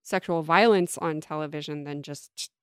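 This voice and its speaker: A woman co-hosting a podcast, chatting thoughtfully with dry asides and often trailing off quietly. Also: low voice, moderate pace, clear, resonant tone, no room sound. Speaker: podcast co-host. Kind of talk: casual chat.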